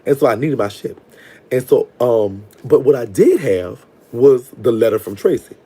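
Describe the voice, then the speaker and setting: A man's voice: medium pitch, lively intonation, normal speed, warm tone, breathy edge. Sassy New man telling a story. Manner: sassy, digressive, profane storytelling. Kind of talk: casual storytime monologue.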